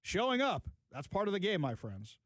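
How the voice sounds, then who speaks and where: Sarcastic, animated talk radio host. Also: male voice, sits high, moderate pace, dry recording. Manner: sarcastic, animated, repeats phrases for emphasis. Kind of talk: political talk radio commentary.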